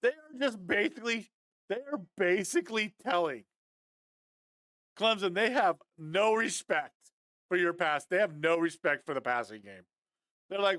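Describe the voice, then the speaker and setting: Man, high voice, animated football film breakdown, fired up, talks to viewers, dry close sound. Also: normal speed, long pauses, no echo. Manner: addresses viewers as guys, often adds okay. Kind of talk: live-stream game film breakdown.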